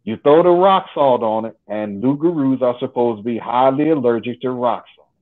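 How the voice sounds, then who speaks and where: A man quoting a calm, laid-back woman who speaks in a patient, matter-of-fact way. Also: medium pitch, moderate pace, close to an everyday voice. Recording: phone-like line.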